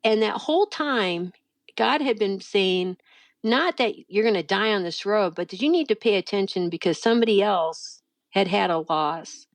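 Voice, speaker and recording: A middle-aged woman telling a personal faith story in a casual, animated way, acting out what people said. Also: normal speed, no room sound. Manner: animated, acts out quoted voices with big pitch jumps.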